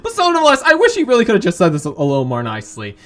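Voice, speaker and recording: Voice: mid-range voice, wildly swooping pitch, racing. Rambling let's play commentator. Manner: rambling, hedging, frequent "right?". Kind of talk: casual game commentary.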